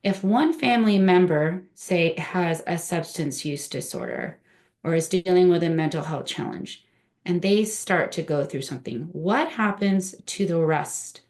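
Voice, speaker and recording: Low-voiced woman leading a training. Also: animated, a little slow, a little mellow. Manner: conversational, asks the room questions. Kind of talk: training presentation. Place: training room.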